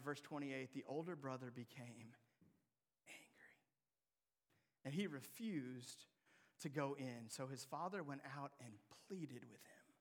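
A young adult man preaching a sermon, reading scripture and teaching from it, swinging from hushed lines to loud emphatic climbs. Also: mid-range voice, slow, long pauses. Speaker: pastor.

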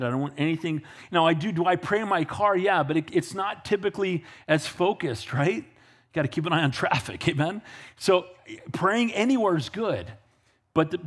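A man preaching a sermon as pastor, swinging from calm asides to fervent, raised passages and calling out to the congregation. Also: a little high. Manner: builds to fervent, raised preaching, with audience call-outs.

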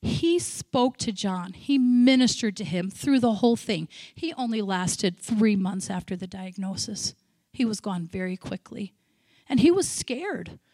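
A woman missionary giving a sermon, telling stories with feeling, breaking into shouted praise and chatty asides. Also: medium pitch, expressive, a little slow, no echo, studio quality. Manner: emotional storytelling, bursts into loud shouted praise; chatty, self-interrupting asides. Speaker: missionary speaker.

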